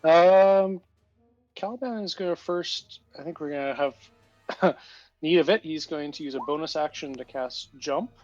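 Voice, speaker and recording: A man's voice: on the high side, a little slow, a little mellow, muffled recording, soft background music. A man playing a tabletop game, hesitantly describing what his character does. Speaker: player. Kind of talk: casual tabletop play.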